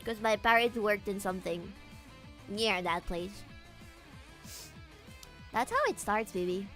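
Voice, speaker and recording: A woman streamer chatting casually with her viewers, animated, laughing often and swearing freely, with faint guitar music behind. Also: mid-range voice, unhurried. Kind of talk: casual livestream chat.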